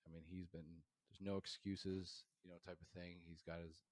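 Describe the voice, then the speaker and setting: A man's voice: low voice, flat delivery, moderate pace, no room sound. A man in his thirties, a podcast guest and professor from New York State, talking in a rambling way with lots of fillers and restarts. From New York State, USA. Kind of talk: casual interview storytelling.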